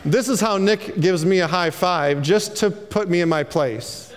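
A man pastor preaching an animated sermon to a congregation, calling out for amens. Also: high-pitched, unhurried, in a large hall, noisy background.

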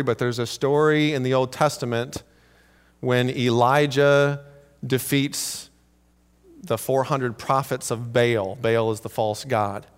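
A man with a fairly high voice preaches a sermon as a pastor, animated and storytelling with humor. His voice rings out with a long reverb, as if from a large church hall. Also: clear, resonant tone. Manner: animated storytelling with humor, acting out quoted lines.

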